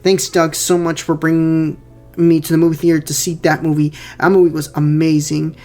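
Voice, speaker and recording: A man's voice: a little high, flat delivery, normal speed, darkish tone, faint music behind. A young man giving casual director's commentary on his fan film, rambling with many fillers and repeated words.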